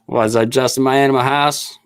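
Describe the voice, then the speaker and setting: A man's voice: mid-range voice, clear, resonant tone, no echo. A middle-aged man from Michigan's Upper Peninsula chatting casually with viewers on his livestream, laughing often and restarting his sentences. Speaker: livestream host and snake breeder.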